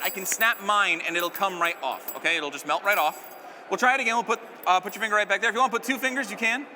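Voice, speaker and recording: A man's voice: high voice, sharp tone, big-room sound, slight background noise. A man performing stage magic on a live stage, keeping up joking banter with a volunteer and the crowd.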